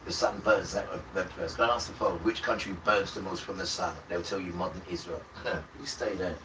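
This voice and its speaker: A man on a livestream delivering an impassioned religious rant, preachy and accusing. He swings from loud outbursts to low muttering. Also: fairly even intonation, fairly quick. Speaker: livestream host. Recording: roomy, distant mic with loud background noise.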